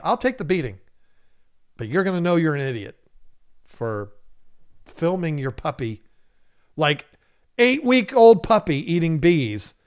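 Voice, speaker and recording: A man hosting a casual livestream, reading viewers' chat comments aloud and joking with them, laughing often. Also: medium pitch. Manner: laughs often and talks animatedly. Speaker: livestream host of an aquarium channel.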